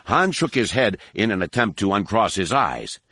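A man narrating an audiobook in a steady, measured storytelling delivery. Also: fairly low pitch, husky, dry recording. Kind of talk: scripted narration.

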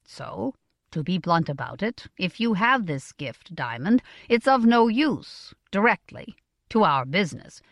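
A woman voicing a stern, measured middle-aged merchant father in an audiobook, speaking in an earnest, deliberate way. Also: mid-range voice, very animated, no echo, studio quality. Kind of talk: audiobook character voice.

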